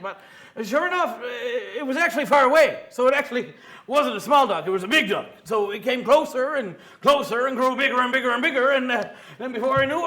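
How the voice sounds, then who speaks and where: A young man playing a rambling, excitable fisherman in a student comedy news skit, full of fillers and chuckles. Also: extremely high pitch, exaggerated voice. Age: young adult. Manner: hesitant, full of fillers, chuckling, quick to get worked up. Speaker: interviewee.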